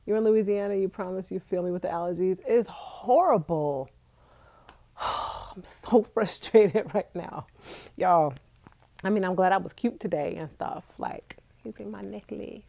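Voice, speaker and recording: Streaming live from home, a young vlogger stuffed up with allergies talks casually and straight to her viewers. Her medium-pitched voice is unhurried and mellow with vocal fry, and the recording is dry.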